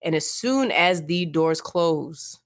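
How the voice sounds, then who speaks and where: A young adult woman co-hosting a casual podcast, talking in an animated, emphatic, slangy way and voicing strong opinions. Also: low voice, slow. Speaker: podcast co-host. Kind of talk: casual podcast chat, reading book passages aloud.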